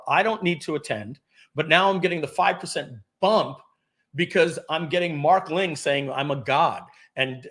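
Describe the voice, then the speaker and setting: A middle-aged man running a live sales webinar. His voice sits a little high for a man and comes through a desk mic. He talks with eager pitch energy and tends to clear his throat and restart sentences. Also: fairly bright tone. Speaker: webinar host presenting software.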